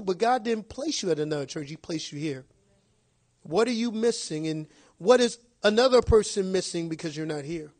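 A man preaching a sermon with a rather high voice. He talks in a conversational, direct way and keeps asking his listeners rhetorical questions.

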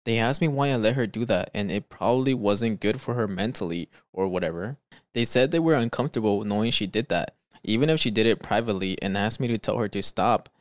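A man hosting a podcast, chatting casually and reading stories aloud in a slangy, animated way. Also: on the low side, fairly quick, dry recording. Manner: animated, slangy, says "bro" and "dude" often. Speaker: podcast host.

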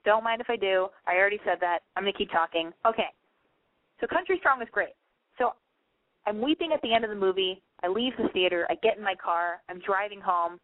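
A woman's voice: medium pitch, a little fast, no echo. Tinny-sounding chatty, swearing young woman host. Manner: chatty, swears a lot, many likes. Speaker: call-in show host. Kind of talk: casual chat, profane and rambling. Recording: dry tinny phone-like sound.

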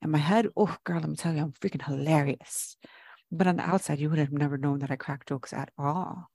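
A young woman co-hosting a podcast, speaking casually and expressively with loose, unfiltered swearing. Her voice has a gravelly fry to it. The room sounds close and dry. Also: low voice, a little fast, darkish tone, no echo. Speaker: podcast co-host.

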